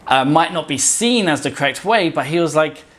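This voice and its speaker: Opinionated man, slightly high voice. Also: expressive, moderate pace, fairly bright tone. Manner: rambling, often stops and restarts words mid-sentence; opinionated and emphatic. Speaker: video essay host. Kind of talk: casual film commentary.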